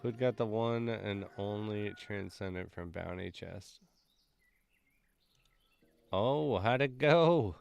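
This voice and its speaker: Slow-talking, low-voiced male streamer. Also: gravelly, a little mellow, clear, resonant tone, dull audio, faint music behind. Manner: rambling, joking, heavy use of "like". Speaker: gaming stream host. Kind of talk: casual chat while streaming a game.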